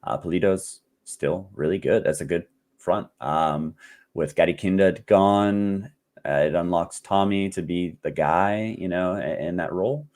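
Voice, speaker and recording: A man speaking as a guest expert on a podcast, easygoing and relaxed, with frequent "uh" fillers. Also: low voice, unhurried. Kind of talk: casual chat.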